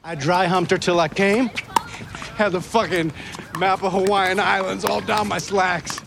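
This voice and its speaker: A crude, gravelly boaster. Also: male voice, sits high, steady tone, measured pace. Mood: boastful. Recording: noisy clip played from a TV show.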